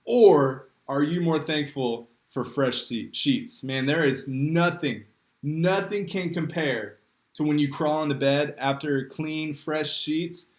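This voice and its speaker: A man's voice: fairly high pitch, takes it slowly. A young man, leading a livestreamed youth group game, upbeat and joking as he reads names from the chat. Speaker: youth pastor. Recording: echoey room.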